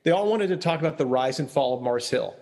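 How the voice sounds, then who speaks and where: A man's voice: medium pitch, lively intonation, fast, darkish tone, big-room sound. A man from Long Island, a church consultant and speaker, talking thoughtfully in a casual conversation and often asking "right?". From Long Island, New York. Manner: thoughtful, reflective, many restarts and "right?".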